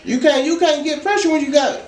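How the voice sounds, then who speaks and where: A man's voice: extremely high pitch, fairly quick, a little hiss or hum. A man co-hosting a podcast, a laid-back casual sports chat where he argues his points. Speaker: podcast co-host. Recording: echoey room, distant from mic.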